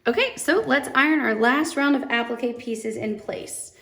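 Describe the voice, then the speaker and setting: A woman's voice: sits high, normal speed, fairly bright tone. A young woman demonstrating machine embroidery, chatty and bubbly, gushing over how cute each step looks. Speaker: sewing instructor. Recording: echoey room.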